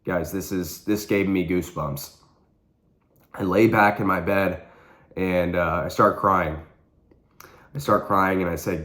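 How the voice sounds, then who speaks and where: A man's voice: sits low, steady tone, a little slow, pauses often, fairly bright tone. A young man vlogging, telling a personal story with earnest intensity and repeating phrases for emphasis.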